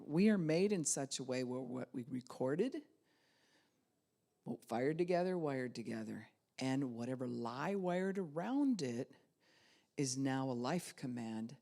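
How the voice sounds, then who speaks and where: Expressive woman pastor preaching. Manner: lively and expressive, swings pitch and loudness to act out quoted thoughts; conversational, addresses the listeners directly. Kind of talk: sermon.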